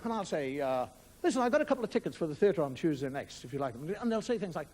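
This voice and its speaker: A man's voice: on the high side, very animated, very fast, darkish tone. An Irish man performing a stand-up monologue, telling wry stories with mock outrage. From Ireland. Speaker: stand-up comedian.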